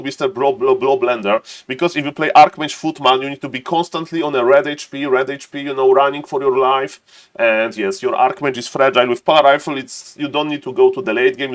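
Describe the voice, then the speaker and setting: Chatty streamer man greeting viewers. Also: medium pitch. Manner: chatty, laughs often, greets viewers by name. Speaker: streamer and game caster. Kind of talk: casual livestream chat to viewers.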